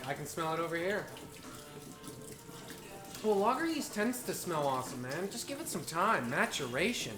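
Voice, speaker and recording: A man's voice: a little high, big pitch swings, normal speed, long pauses. Joking man hosting a brewing stream. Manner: joking, playful banter. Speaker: livestream brewing host. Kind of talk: casual chat. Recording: echoey room, faint music behind.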